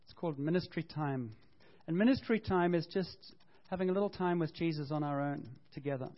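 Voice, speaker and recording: A man preaching a sermon as pastor, animated and storytelling, acting out quotes and correcting himself as he goes. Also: fairly high pitch, brisk. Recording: dull lo-fi sound.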